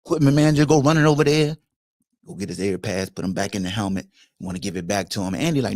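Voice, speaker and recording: A man's voice: on the low side, fast, darkish tone, no room sound, clean studio sound. A man hosting a sports podcast, ranting in a casual, profane, lecturing way. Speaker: podcast host. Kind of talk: casual sports commentary rant.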